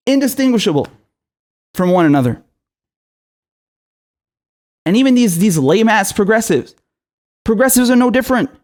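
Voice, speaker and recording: Commentator, male, high voice, furious and sweary, sarcastic rant. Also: animated, normal speed, pauses often, a little mellow. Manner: furious, profane, sarcastic, repeats himself; mocking mimicry in asides. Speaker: political commentator. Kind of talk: angry political rant to camera.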